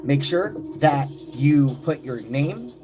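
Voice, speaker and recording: A man's voice: fairly high pitch, expressive, slow. Man greeting viewers over background music. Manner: greets chat viewers by name in a loose, friendly slang. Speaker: live-stream tarot reader. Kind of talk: casual live-stream chat.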